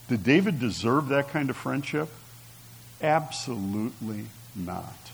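A man's voice: mid-range voice, lively intonation, moderate pace, vocal fry, slight background noise, low-quality recording. A man preaching a conversational sermon, reading scripture aloud and asking his listeners rhetorical questions. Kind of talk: sermon teaching.

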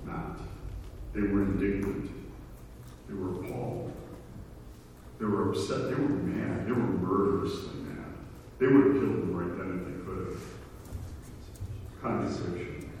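A man's voice: low voice, steady tone, moderate pace, long pauses, warm tone. A man preaching a sermon, telling stories in a conversational way with asides. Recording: echoey hall from far off, faint noise.

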